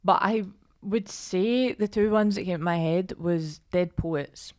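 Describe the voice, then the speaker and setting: A young woman co-hosting a casual podcast chat. Her voice sits a little low, and she hedges and trails off as she thinks aloud. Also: a little slow, a little mellow. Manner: hesitant, trails off with "I don't know". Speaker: podcast co-host.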